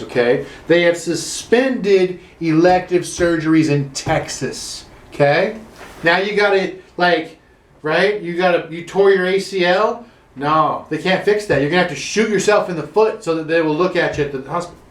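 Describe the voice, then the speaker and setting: Comic man, high voice, sarcastic swearing rant, roomy echo from home. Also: normal speed. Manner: swearing, sarcastic, rising to exaggerated outrage. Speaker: standup comedian. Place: his own room.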